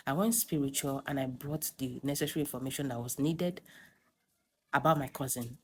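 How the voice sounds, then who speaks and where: A young woman with a strikingly deep, low voice recounts her personal story straight into her phone. Her delivery is emphatic and dramatic, and a faint hiss sits under the recording. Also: darkish tone.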